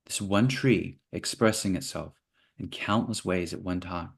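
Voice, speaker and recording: Low-voiced man telling a parable. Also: unhurried, vocal fry, breathy edge. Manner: playful, acts out little voices in his parables. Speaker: interview guest. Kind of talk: storytelling in conversation.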